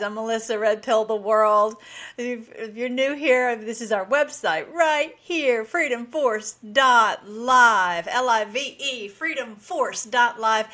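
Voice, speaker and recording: A woman hosting her own commentary vlog, her voice sitting a bit high. She talks with eager enthusiasm, and her sentences often restart and trail along. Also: bright, forceful tone. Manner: enthusiastic, rambling, frequent restarts and laughs. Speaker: host. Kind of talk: casual political commentary vlog.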